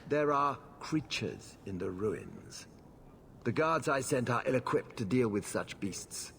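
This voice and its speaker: An actor playing a scheming city magistrate who speaks in a formal, persuasive and lofty way. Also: male voice, mid-range voice, sing-song, a little slow, vocal fry, a bit bright, slight background noise, exaggerated voice.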